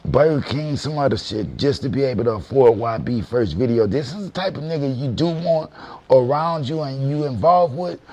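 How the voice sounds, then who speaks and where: A man's voice: medium pitch, darkish tone. A man giving a blunt, profane rant in street slang, repeating "you know what I mean" often. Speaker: commentator in a viral clip. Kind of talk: unfiltered rant.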